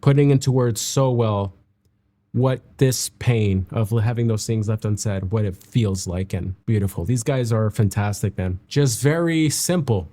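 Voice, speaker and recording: A man hosting a music reaction, talking in a reflective, halting and heartfelt way, emotional and near tears. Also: lowish voice, mellow. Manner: halting and heartfelt, with many restarts. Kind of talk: reflective casual reaction commentary.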